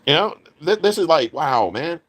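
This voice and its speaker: A man's voice: on the high side, big pitch swings, normal speed, fairly bright tone. A man ranting angrily on a live stream, swearing heavily and repeating himself. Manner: profane, heated, repetitive. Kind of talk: angry rant.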